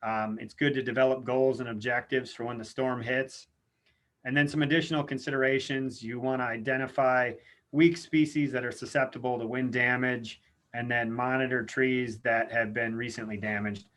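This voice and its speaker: A man presenting an online webinar lecture in a casual, informal way, often pausing on "uh" and "um". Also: medium pitch, fairly even intonation, a bit bright. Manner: informal, frequent "uh" and "um" fillers. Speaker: extension lecturer.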